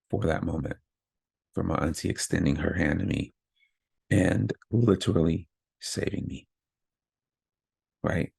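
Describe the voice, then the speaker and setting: Deep gravelly man, earnest pep talk. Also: darkish tone, no room sound. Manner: earnest, self-affirming, frequent "right?" asides. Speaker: podcast host. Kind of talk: candid motivational monologue.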